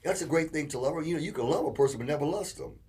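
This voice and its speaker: A man co-hosting a casual relationship talk show, telling animated stories and acting out quotes. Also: a little high, very fast. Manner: animated storyteller, acts out quotes. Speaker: co-host.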